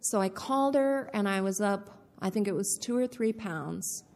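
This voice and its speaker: A woman sharing her recovery story in a candid, deliberate way, often repeating key phrases. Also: mid-range voice, lively intonation, a little mellow. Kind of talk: personal testimony talk. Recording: echoey hall with long reverb.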